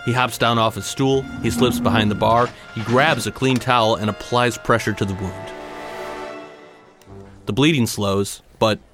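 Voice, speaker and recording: A man's voice: medium pitch, fairly even intonation, normal speed, loud music behind the voice. A man telling a dramatic personal story in punchy, short clipped phrases.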